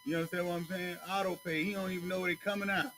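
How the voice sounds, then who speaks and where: In a noisy setting, a man who teaches at a religious school gives a loose, conversational scripture lesson to a small group, addressing them as brother and asking "you know what I'm saying" again and again. He talks fast in a high-pitched, flat voice.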